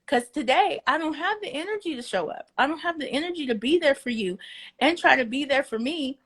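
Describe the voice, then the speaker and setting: A woman's voice: high-pitched, expressive, brisk, fairly bright tone. A woman co-hosting a podcast, speaking earnestly and reflectively while she walks, often restarting words. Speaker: podcast co-host. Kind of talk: candid casual podcast talk. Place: walking while on a call.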